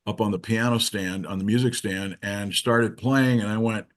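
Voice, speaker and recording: A man's voice: lowish voice, steady tone, moderate pace. A man guest in an interview, telling a story casually and acting out the quoted voices. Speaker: interview guest, keyboard musician.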